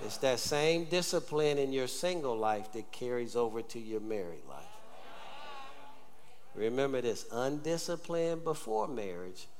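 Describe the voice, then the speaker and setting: A man's voice: medium pitch, animated, measured pace, a little mellow, big-room sound, a little hiss or hum. A male pastor preaching a sermon, calling on the congregation to answer back and say amen. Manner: call-and-response preaching, urging the congregation. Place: church sanctuary.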